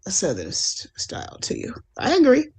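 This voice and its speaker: A woman co-hosting an online talk show speaks a little high, pausing and restarting her sentences as she works out her point. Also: huge pitch swings, husky. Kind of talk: casual chat.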